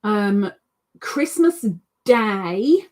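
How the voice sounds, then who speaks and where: A woman's voice: mid-range voice, animated, drawn-out words, darkish tone. A woman hosting a casual live stream, reading chat messages aloud in a chatty, teasing way. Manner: chatty, teasing, playful sing-song asides. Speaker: livestream host reading chat.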